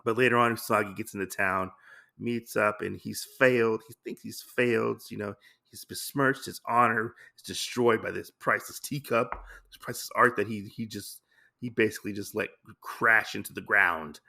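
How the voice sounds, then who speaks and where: Gravelly man rambling through a comic recap. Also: lowish voice, normal speed, sharp tone. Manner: rambling, many fillers and restarts, amused. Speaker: podcast host. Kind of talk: casual comic book recap.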